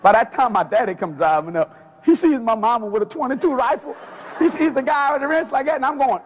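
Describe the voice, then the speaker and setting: A man preaching a sermon, telling a story with lots of energy and shouting out the voices he quotes. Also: very high voice, fairly quick, a little hiss or hum. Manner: animated, shouting quoted voices, laughing along.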